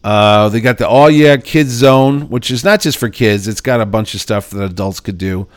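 A man's voice: fairly low pitch, moderate pace, dry recording. Blunt, self-mocking man on a podcast. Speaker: podcast co-host and convention organizer. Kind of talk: casual podcast chat. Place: kitchen table at home.

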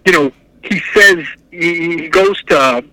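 A man co-hosting a casual podcast, telling comic book stories in an excitable, animated way. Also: a little high, measured pace, no room sound, poor audio. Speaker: podcast co-host.

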